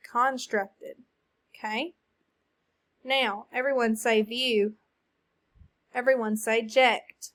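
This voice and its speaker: Woman teacher, slow and deliberate, on the higher side; phonics drill for kids. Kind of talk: recorded phonics lesson for children.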